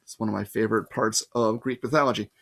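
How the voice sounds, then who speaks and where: A man's voice: lowish voice, steady tone, fast talker, creaky, a bit bright. A man, possibly a teacher, reading a novel aloud to his listeners in plain first-person narration with casual asides. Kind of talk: storybook read-aloud.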